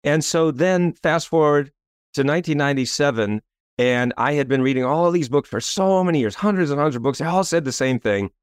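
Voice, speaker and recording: A man's voice: a little high, brisk, smooth, no room sound, studio quality. A man, a coach and author, telling a story as an interview guest, acting out quotes and asking "right?" again and again. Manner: lively, acts out quotes, frequent "right?".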